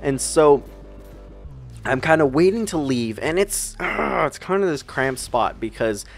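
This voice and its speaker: A teenage man from America telling funny driving stories over gameplay, swearing freely and jumping into squeaky voices for the people he quotes. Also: expressive, a little slow, faint music behind. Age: teens. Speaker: gaming channel host. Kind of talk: storytelling commentary over gameplay.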